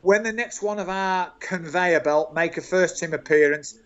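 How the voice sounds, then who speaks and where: A man's voice: high-pitched, moderate pace. An older man with a Birmingham accent, a guest telling football dressing-room anecdotes with chuckles and lots of "mate". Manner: animated storyteller, chuckles through tales, calls people mate. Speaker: guest, former club staff. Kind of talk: anecdotal interview storytelling. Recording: dull lo-fi call audio.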